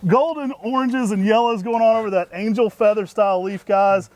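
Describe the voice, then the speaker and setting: A man co-hosting a plant show, pitching trees with folksy enthusiasm. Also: moderate pace, dry recording. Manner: energetic, folksy, says y'all. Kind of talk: enthusiastic product talk.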